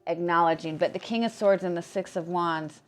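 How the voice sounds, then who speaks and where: A hoarse woman, losing her voice, giving a casual tarot reading in a halting way, restarting her words and filling with "like". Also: lowish voice. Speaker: tarot reader.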